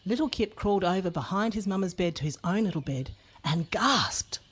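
A woman reading a children's storybook aloud in an expressive, playful way. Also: fairly low pitch, normal speed, husky.

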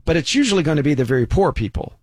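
A man's voice: a little high, big pitch swings, rapid-fire, darkish tone, dry recording. A man giving an opinion commentary monologue in a folksy, sarcastic way with many asides.

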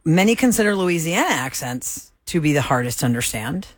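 A radio show host in casual on-air banter, leading the segments with a lively, explaining manner. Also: mid-range voice, fairly quick, no room sound.

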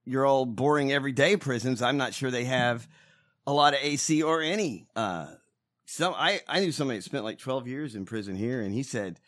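A man co-hosting a casual podcast, talking in a profane, animated way that jumps into loud rants. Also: mid-range voice, brisk. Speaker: podcast co-host.

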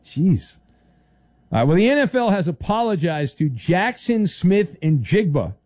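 A man's voice: a little high, mellow, no room sound. A man hosting a sports talk radio show, joking and playful.

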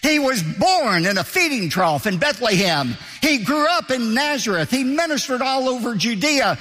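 An emphatic male pastor preaching with a high, lively voice that leaps up and down. His tone is bright and forceful, and he hammers home key phrases by repeating them. The sound rings with the long reverb of a large hall. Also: moderate pace. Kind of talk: sermon.

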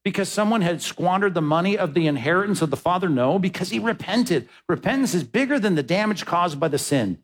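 A male pastor preaching a sermon, reading scripture aloud and swinging between emphatic peaks and quiet asides. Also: sits high, lively intonation, brisk, hardly any pauses.

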